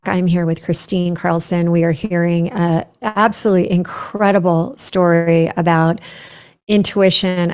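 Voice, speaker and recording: A woman's voice: lowish voice, smooth. Enthusiastic woman hosting a podcast. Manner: enthusiastic, affirming. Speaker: host. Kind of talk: podcast interview hosting and ad read.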